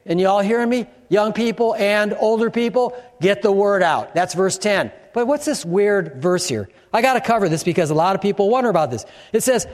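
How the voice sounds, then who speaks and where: An older man preaching a sermon, his voice sitting high and carrying through a church with a long, ringing reverb. He speaks in an animated way and rises to shouts to drive points home. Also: a little fast, few pauses. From Chicago. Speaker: pastor.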